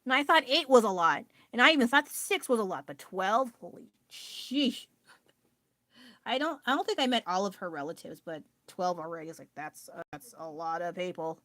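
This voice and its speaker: A woman's voice: lowish voice, brisk, few pauses, pushed and bright, no echo. A woman with an American accent chatting casually on a livestream, rambling and laughing often as she answers her chat. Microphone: phone.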